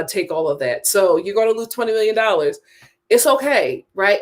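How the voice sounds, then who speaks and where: Chatty woman hosting a live stream. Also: fairly low pitch. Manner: chatty, emphatic, repeats phrases, reads viewer comments aloud. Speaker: host of a reality TV chat stream. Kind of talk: casual live-stream chat.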